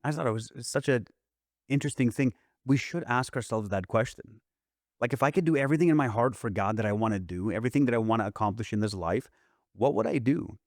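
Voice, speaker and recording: A man's voice: mid-range voice, fast, dry recording, studio quality. A middle-aged man hosting a podcast, talking in an earnest, reflective casual chat about hope and faith. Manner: earnest, reflective, quotes others in lively retellings. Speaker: podcast host.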